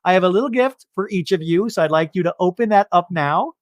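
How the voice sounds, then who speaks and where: A woman's voice: fairly low pitch, animated, fast talker, no room sound, voice pushed up, close to an everyday voice. A woman putting on a giddy reality-TV woman, gushing and exaggerated, in a mocking retelling.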